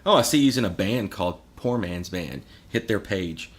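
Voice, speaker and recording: A man's voice: low-pitched, expressive, moderate pace. A man telling stories as a podcast guest, sarcastic and profane, often breaking into laughter. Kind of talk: casual podcast storytelling.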